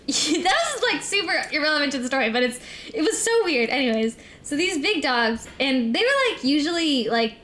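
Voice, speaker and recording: A woman's voice: a little high, fairly bright tone. A young adult woman streamer telling a long rambling story in casual chat, full of "like" and "um". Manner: rambling, filler-heavy storytelling.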